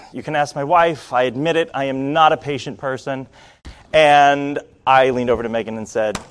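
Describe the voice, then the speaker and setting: A man from Rhode Island tells a personal story to a listening crowd, with wry, self-deprecating humor. His voice sits at an ordinary middle pitch, and he keeps the telling lively. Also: normal speed, clean tone. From Rhode Island, USA. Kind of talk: storytelling to an audience.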